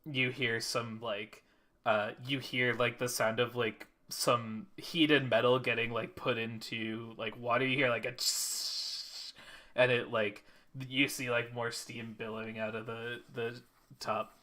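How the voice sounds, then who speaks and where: A game master narrates a tabletop game at a slow, halting pace, full of fillers. His voice is bright and forceful. He is heard over an online call. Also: mid-range voice, flat delivery.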